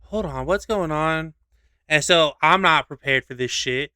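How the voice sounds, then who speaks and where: Animated man telling a wild story. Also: on the high side, measured pace, clear, resonant tone, no echo. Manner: animated, swears freely, acts out scenes. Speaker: podcast co-host. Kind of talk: casual storytelling.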